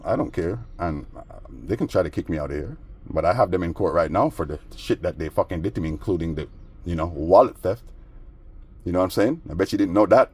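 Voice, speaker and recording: Brief: lower-voiced man, loose slangy storyteller, keeps checking in with the listener. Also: expressive, a little fast, darkish tone, slightly rough. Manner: rambling, slangy, with frequent "you know what I mean". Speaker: vlogger. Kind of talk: casual storytelling vlog.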